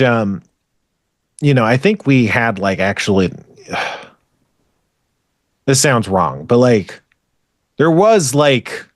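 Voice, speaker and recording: A man's voice: mid-range voice, no room sound, clean studio sound. A man co-hosting a podcast, ranting in a rambling, profane, exasperated way in casual chat. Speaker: podcast co-host.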